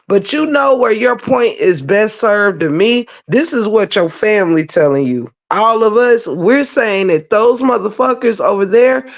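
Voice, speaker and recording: A woman's voice: medium pitch, animated, a little slow, few pauses. A woman ranting profanely and rambling in livestream commentary, stopping to greet viewers in the chat. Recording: dull lo-fi stream audio.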